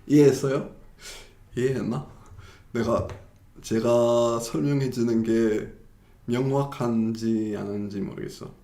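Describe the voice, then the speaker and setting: Fast-talking, gravelly teacher. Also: male voice, medium pitch, steady tone, mellow, echoey room. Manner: explains with repeated examples, switching between English and Korean. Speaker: English teacher. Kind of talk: live-streamed language lesson.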